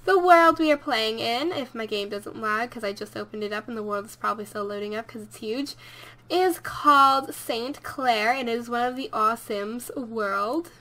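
A woman's voice: fairly high pitch, moderate pace, pushed and bright. A woman hosting a let's play video, talking casually over her gameplay in a chatty, rambling way and correcting herself as she goes.

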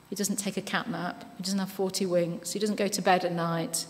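A woman giving a sermon in a church, speaking conversationally and reading scripture slowly and with care. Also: medium pitch, fairly even intonation. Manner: warm conversational preaching with frequent "you know"; reads scripture slowly and deliberately. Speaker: preacher. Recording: long reverb of a church hall.

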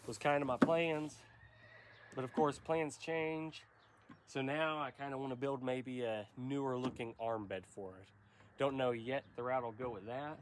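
A man's voice: mid-range voice, heavy background noise. A young man with a nasal voice from a cold, talking casually and rambling as host of a truck vlog. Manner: rambling, unscripted, many fillers. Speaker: channel host.

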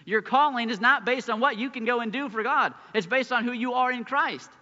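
A man preaching a sermon as pastor, earnest, swinging between loud emphasis and hushed lines. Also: very high voice, fairly quick. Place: church sanctuary. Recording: muffled church recording with long hall reverb.

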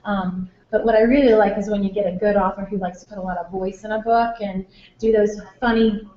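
A woman's voice: mid-range voice, steady tone, brisk, mellow. A woman teacher presenting a workshop to parents, chatty, with many fillers and restarts. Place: school room or hall. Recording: echoey room, dull lo-fi sound.

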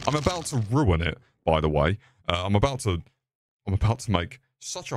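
A British man streaming a horror game, swearing and yelling at his chat in exclamatory bursts. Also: low-pitched, very animated, fairly quick, over music. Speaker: gaming streamer. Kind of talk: live gameplay commentary.

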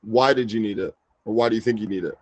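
A man's voice: on the low side, quick pace, dry recording. A man co-hosting a livestream, chatting casually in a teasing, joking, plain-spoken way. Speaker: livestream co-host. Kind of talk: casual chat.

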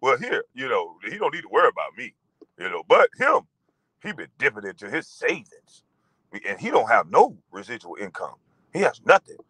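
A man in his forties ranting in a profane monologue, animated and mocking, breaking into laughter. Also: medium pitch, normal speed, breathy edge, no echo, rough recording. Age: 40s. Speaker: vlogger.

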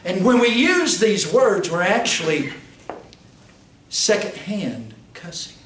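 A man, a pastor teaching a Bible class, preaching with rhetorical questions and sudden shouts. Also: sing-song, slow pace. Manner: rhetorical questions, pitch swings, rises to shouts. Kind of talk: fiery preaching. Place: church classroom. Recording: roomy, distant mic, faint hiss.

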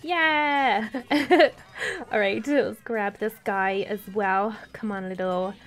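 A woman's voice: medium pitch, slow. A young woman chatting casually while playing a game live with others, giggling often and explaining the rules to her teammates. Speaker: game streamer. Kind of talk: casual live gameplay chat with co-players.

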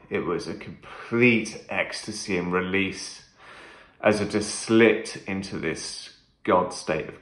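This man's voice sits low with a roomy sound. He's vlogging a first-person trip report, speaking intensely and emphatically, swearing a lot and repeating phrases.

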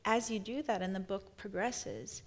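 A woman's voice: medium pitch, normal speed. Thoughtful woman novelist talking onstage. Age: 30s. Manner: thoughtful, searching, many restarts. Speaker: novelist guest. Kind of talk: live onstage conversation.

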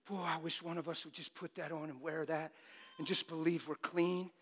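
A man preaching a fervent, exhorting sermon that bursts into shouting, in a church. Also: a little high, steady tone, moderate pace, in a large hall.

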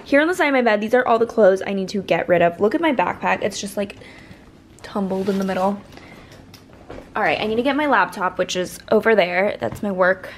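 A woman's voice: medium pitch, a little fast, a little hiss or hum, low-quality recording. A woman in her twenties vlogging in a casual, earnest way, full of filler words. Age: 20s. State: emotional, close to tears. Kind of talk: casual vlog chat.

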